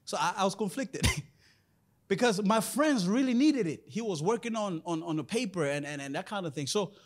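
Very high-voiced male preacher. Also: expressive, normal speed. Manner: conversational, asks the listener rhetorical questions. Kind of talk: sermon.

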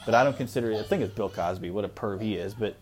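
A man's voice: fairly low pitch, very fast, a little hiss or hum. A man in his thirties hosting a solo podcast, ranting bluntly and with exasperation, with lots of "like" fillers, recorded at home with his small kids nearby. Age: 30s. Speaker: podcast host.

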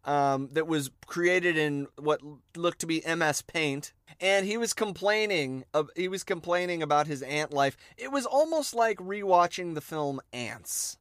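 Smooth-voiced man cohosting a podcast. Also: a little high, expressive, measured pace, hardly any pauses, a bit bright, no room sound. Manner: dry, mock-serious jokes. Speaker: podcast co-host. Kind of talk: casual podcast banter.

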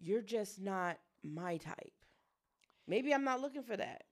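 A woman's voice: medium pitch, expressive, measured pace. A woman co-hosting a casual podcast chat, blunt and straightforward in how she talks. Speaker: podcast co-host.

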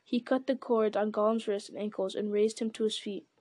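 A woman's voice: medium pitch, fairly even intonation, a little fast, darkish tone, dry recording. A woman reading a novel aloud in a plain way, with small stumbles. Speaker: reader.

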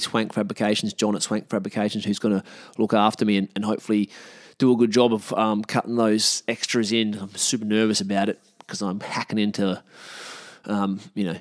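Recorded dry with studio quality, this podcast host is an Australian man whose voice sits on the low side. His solo chat is casual, frank and meandering, packed with fillers and restarts.

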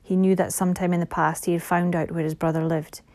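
A woman reading an audiobook who voices a fierce, devoted young winged warrior heir in a slightly lowered, measured voice. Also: level tone, a little mellow, no room sound, lightly acted. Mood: solemn. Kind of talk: audiobook character voice.

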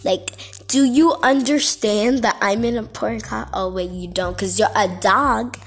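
A woman's voice: fairly high pitch, moderate pace, slightly rough. A woman ranting casually to camera in a vlog, chatty and exasperated, full of "like" and "okay". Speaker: vlogger.

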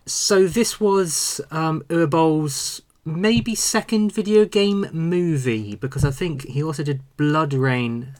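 A man co-hosting a film podcast, playful and quick to laugh. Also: fairly high pitch, a little mellow. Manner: laughs often, playful teasing. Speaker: podcast co-host. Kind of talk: casual film podcast chat.

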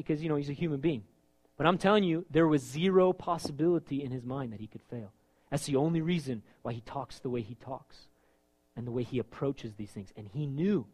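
A man preaching a sermon, emphatic and animated, acting out scripture scenes as he goes. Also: on the high side.

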